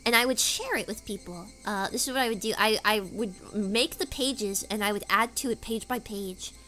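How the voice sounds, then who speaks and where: A woman's voice: mid-range voice, moderate pace, sharp tone. A woman streamer chatting casually, rambling through stories with lots of filler words. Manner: rambling, filler-heavy storytelling.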